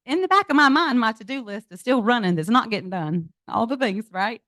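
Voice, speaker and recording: At a business event, a woman with a slightly high voice gives a personal testimony to a group, telling it briskly and animatedly while calling the audience "y'all." Though she's at an event venue, there's no room sound.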